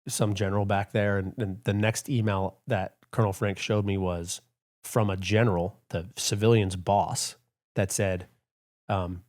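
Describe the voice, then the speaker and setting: A middle-aged man, a retired military officer, telling stories in a casual interview, full of fillers and quick acted-out quotes. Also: fairly low pitch. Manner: animated storyteller, many fillers, acts out quotes. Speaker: retired Air Force colonel, podcast guest.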